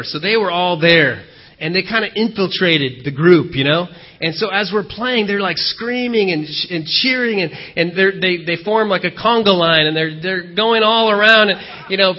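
A man delivers a sermon in a fairly high voice, telling stories in an animated, conversational way with frequent fillers. The church recording sounds dull and lo-fi. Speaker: pastor.

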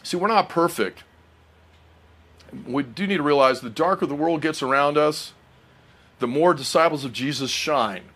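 A man's voice: a little high, moderate pace, pauses often, a bit bright. A middle-aged man preaching a sermon, earnest and personal, often asking the congregation questions.

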